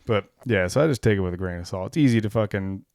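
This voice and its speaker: A man's voice: on the low side, fast, dry recording. Laughing, swearing podcast co-host man. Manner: reads documents aloud, laughs often, swears, gets animated. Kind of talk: casual chat.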